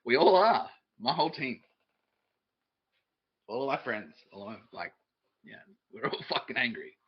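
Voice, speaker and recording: A man's voice: mid-range voice, sing-song, a little slow, slightly rough. Sweary man rambling on a lo-fi stream. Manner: sweary, sarcastic, laughs at his own jokes. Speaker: podcast host streaming live. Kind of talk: rambling comedic monologue. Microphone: desk microphone.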